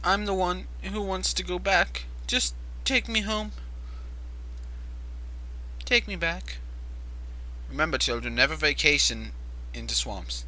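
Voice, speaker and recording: A man narrates his game with a sharp, very bright tone and a pitch that swings all over the place. He jokes, swears and yelps at scares while talking straight to the screen. His voice sits a little high for a man. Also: lively intonation, unhurried, poor audio. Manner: jokey, jumpy, swears, talks to the screen. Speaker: gaming video host. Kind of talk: let's play commentary.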